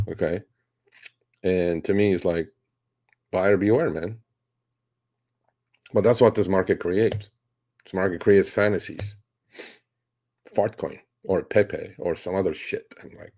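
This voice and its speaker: A man's voice: low-pitched, measured pace, long pauses, a little mellow. A man hosting a live question-and-answer stream about his trades, talking bluntly and casually with rambling restarts and some swearing. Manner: blunt, rambling, profane, mocks reckless traders. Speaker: host answering viewer questions on trading.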